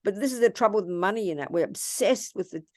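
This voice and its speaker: A woman's voice: mid-range voice, fast talker, darkish tone, no echo, studio quality. Blunt affectionate older woman teacher. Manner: blunt, scolding yet affectionate, calls people darling. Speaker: Buddhist nun teacher. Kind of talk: teaching Q&A session.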